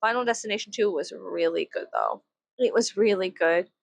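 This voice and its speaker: A woman's voice: medium pitch, moderate pace, vocal fry, dry recording. A young adult woman from the United States vlogging in a casual, rambling way, swearing freely and leaning on "like" as filler. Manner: rambling, profane, filler-heavy with frequent "like". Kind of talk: casual chat to camera.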